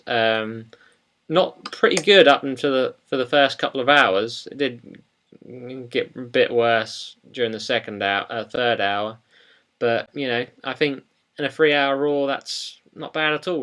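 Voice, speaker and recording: A man's voice: mid-range voice, fairly bright tone. A young man co-hosting a wrestling podcast in casual chat, rambling and hesitant, with many ums. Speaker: podcast co-host.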